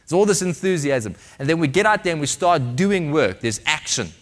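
Male preacher, slightly high voice, dramatic sermon delivery with loud and hushed swings. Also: animated, moderate pace. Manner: dramatic, shifting from loud emphasis to hushed tones.

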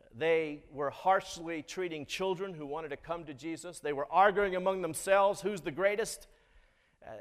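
A man preaching a sermon in a measured way, often putting questions to the congregation. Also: high voice, long reverb tail. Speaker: pastor.

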